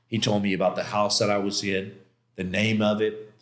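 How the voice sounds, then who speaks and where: A man's voice: lowish voice, level tone, normal speed, fairly bright tone. A man being interviewed as a podcast guest, telling a personal story in a casual, slangy, emphatic way and acting out his own past outbursts. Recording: roomy echo.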